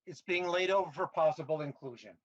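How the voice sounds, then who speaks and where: A man's voice: a little high, fast. A man chairing a committee hearing, polite and procedural, guiding members through the agenda. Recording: slightly dull remote call audio.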